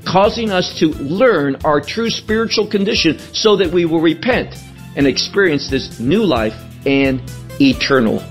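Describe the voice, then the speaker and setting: A man teaching through a Bible passage in a radio broadcast, speaking slowly and deliberately and leaning on each quoted verse. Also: on the high side, expressive, over music.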